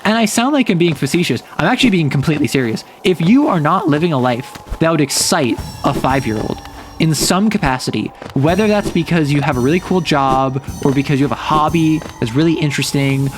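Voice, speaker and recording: A man's voice: a little high, animated, brisk, faint music behind. Chatty male streamer with a raised voice. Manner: chatty, rambling, says "like" often. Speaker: VTuber streamer. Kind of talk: casual gameplay stream commentary.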